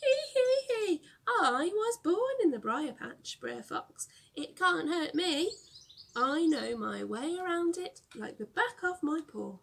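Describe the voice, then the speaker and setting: A woman voicing a sly, boastful male rabbit trickster in a storybook reading, high, loud and bouncy. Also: lively intonation, takes it slowly, slight background noise, exaggerated voice. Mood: gleeful.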